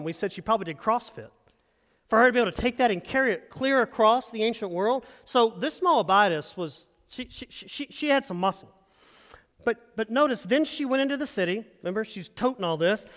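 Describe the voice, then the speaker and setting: A man with a high voice preaches an animated sermon and draws call-and-response from his congregation. He is recorded in a church sanctuary, and a long hall reverb trails every phrase. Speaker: pastor.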